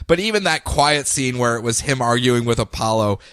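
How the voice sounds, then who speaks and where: A man's voice: mid-range voice, expressive, fairly quick, a bit bright, clear, resonant tone, dry recording. A man co-hosting a podcast, retelling comic stories in casual chat and acting out the characters' lines. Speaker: podcast co-host.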